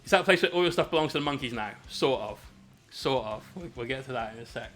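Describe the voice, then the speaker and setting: A man's voice: medium pitch, lively intonation, quick pace, a bit bright, faint music behind. A British man casually telling a rambling, swear-filled story while painting miniatures on stream.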